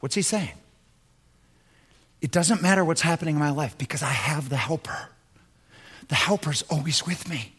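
A man preaching a sermon as pastor, swinging between loud emphatic lines and low, quiet asides. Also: moderate pace, pauses often, slightly rough.

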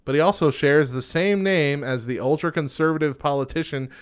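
A man's voice: a little high, fairly quick, smooth. A young man hosting a casual chat show, reading out odd news items and joking about them. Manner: reads facts aloud then jokes. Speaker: podcast host.

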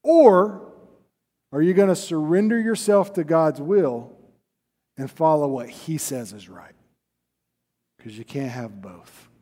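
A man's voice: a little high, measured pace, pauses often, dark tone, in a large hall. A man preaching a sermon as a pastor, earnest and emphatic, repeating his key phrases.

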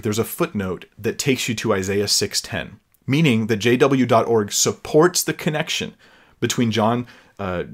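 A man giving an earnest teaching talk, explaining step by step, repeating words as he goes and reading scripture aloud slowly. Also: mid-range voice. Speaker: Bible teacher.

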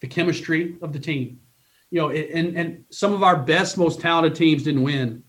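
A man's voice: a little high, moderate pace, a bit bright. Earnest, emotional middle-aged male coach. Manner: earnest, emotional storytelling with many restarts. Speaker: college baseball coach. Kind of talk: podcast interview.

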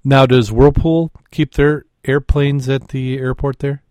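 A man's voice: mid-range voice, little pitch movement, unhurried, a little mellow, clean tone, no echo, clean studio sound. A man hosting a casual radio talk show, chatting with a guest and telling a long joke, laughing easily. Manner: chatty, laughs easily, reads a joke with raised voices for quotes.

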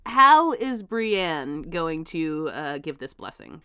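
A woman's voice: sits low, very animated, takes it slowly, bright, forceful tone, smooth, no echo, studio quality. A woman co-hosting a podcast, laughing often and teasing. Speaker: podcast co-host. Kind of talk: casual podcast banter.

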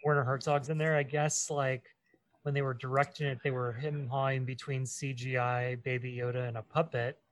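Guy cohosting a podcast, deadpan jokes, mid voice, dry close sound. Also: mid-range voice, fairly quick, dry recording, poor audio. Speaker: podcast co-host. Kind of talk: casual chat.

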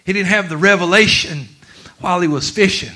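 A man preaching a sermon, dropping to quiet talk and then rising to shouts with laughter. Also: high voice, brisk. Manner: swings from quiet to shouting, laughing through lines.

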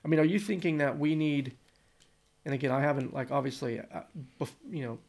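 A man's voice: a little high, fairly quick, creaky, darkish tone. An American man in casual conversation, thinking aloud in long rambling turns full of restarts.

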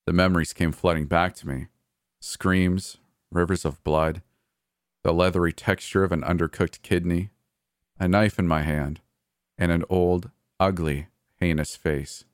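A man narrating a first-person horror story in a measured, somber way. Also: deep voice, fairly even intonation, dry recording, studio quality.

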